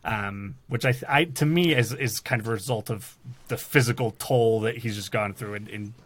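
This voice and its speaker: A man's voice: on the low side, moderate pace. A man hosting a podcast, breaking down a TV show in a casual, rambling way with lots of restarts. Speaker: podcast host. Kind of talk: casual chat.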